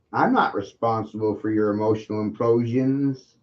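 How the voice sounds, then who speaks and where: A man with a lowish voice and lively intonation hosts a livestream, running through a taunting monologue at a normal speed with hardly any pauses. It's heavy on repetition and rhetorical questions, and the stream audio is muffled and lo-fi.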